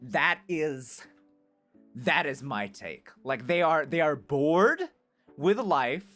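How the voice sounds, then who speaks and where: Streamer spinning a rambling improvised tale, mid-range voice, animated, constant "like" and "right?". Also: mid-range voice, takes it slowly, soft background music. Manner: rambling, full of "like" and "right?" tag questions; animated, swings between excited and hushed. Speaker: vtuber streamer. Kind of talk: casual improvised storytelling.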